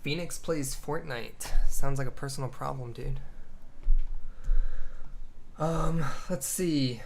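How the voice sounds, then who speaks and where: A man's voice: medium pitch, slow pace, vocal fry, a little hiss or hum. A man streaming as a game developer, thinking aloud as he codes, muttering half-finished lines and cursing mildly at bugs. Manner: mutters code aloud, trailing off, mild cursing. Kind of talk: casual livestream, thinking aloud while coding.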